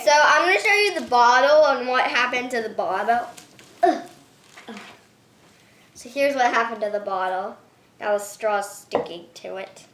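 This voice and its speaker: A woman hosting a slime-making vlog at home, talking excitedly and often squealing and shrieking. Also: fairly high pitch, reverberant, slight background noise. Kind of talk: excited hands-on vlog narration. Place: home bathroom and table.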